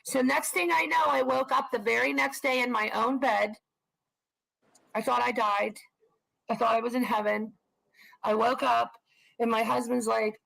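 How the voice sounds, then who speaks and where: A woman co-hosting a live stream, telling frank, animated personal stories and swearing for emphasis. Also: fairly high pitch, moderate pace, creaky, pauses often, poor audio. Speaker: co-host of a live stream channel. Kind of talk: casual storytelling on a live stream.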